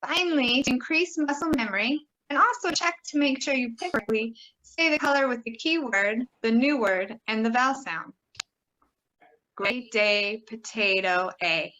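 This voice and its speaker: A woman teaching pronunciation, modelling vowel sounds and words with slow, exaggerated care. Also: fairly high pitch, sharp tone, dull audio, a little hiss or hum. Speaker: pronunciation instructor. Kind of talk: recorded teaching video.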